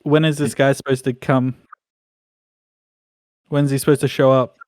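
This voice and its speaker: A man's voice: medium pitch, little pitch movement, moderate pace, darkish tone, clean tone, no echo. A man playing a tabletop game, blunt and dismissive. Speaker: player. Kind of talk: in-character tabletop play.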